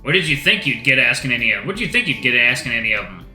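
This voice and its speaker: A man's voice: mid-range voice, big pitch swings, very fast, sharp tone, echoey room, faint music behind, pitched below the performer's own voice. A man voicing a stern, bossy female bear who talks in an impatient, commanding way. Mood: scornful.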